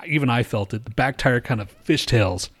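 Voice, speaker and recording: A man's voice: mid-range voice, normal speed. Man, casual storyteller, rambling and profane, mid-range voice. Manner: rambling, profane, with frequent restarts and fillers. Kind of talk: casual chat.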